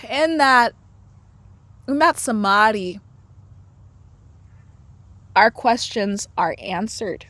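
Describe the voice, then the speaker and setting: Playful woman guest in a relaxed interview, laughs a lot, unhurried delivery, dry recording. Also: high voice, no room sound. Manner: playful, laughs often, acts out inner voices. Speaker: podcast guest, herbal medicine lecturer. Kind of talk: casual conversational interview.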